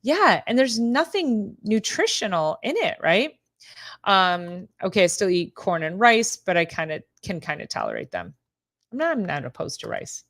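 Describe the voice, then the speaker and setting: A woman's voice: mid-range voice, sing-song, moderate pace, fairly bright tone. A middle-aged woman hosting a casual live-stream chat as a chiropractor. She rambles, laughs often and talks straight to her viewers by name. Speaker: host, chiropractor.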